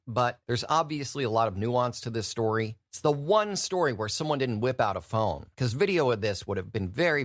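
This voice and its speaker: A man hosting his own podcast, telling stories in a wry, animated way. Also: on the low side, no echo, clean studio sound. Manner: wry, animated storytelling with mocking impressions. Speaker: podcast host. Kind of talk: solo podcast monologue.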